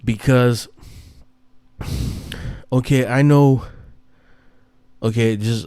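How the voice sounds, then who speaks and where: A man's voice: on the low side, fairly even intonation, unhurried, long pauses, darkish tone, clear, resonant tone, no echo. A man hosting a casual, rambling monologue, swearing and restarting his sentences often. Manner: rambling, profane, many restarts and fillers. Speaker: host.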